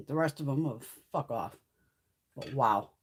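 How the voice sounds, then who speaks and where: A woman's voice: rumbling low, expressive, a little slow, husky. A middle-aged woman from the US East Coast chatting casually on a livestream, telling stories in a blunt way and swearing constantly. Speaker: beauty livestream host.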